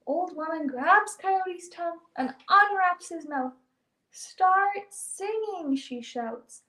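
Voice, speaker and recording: High-voiced woman reading a storybook. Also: animated. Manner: gentle, deliberate storytelling. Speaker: librarian storyteller. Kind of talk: reading a picture book aloud. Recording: roomy echo.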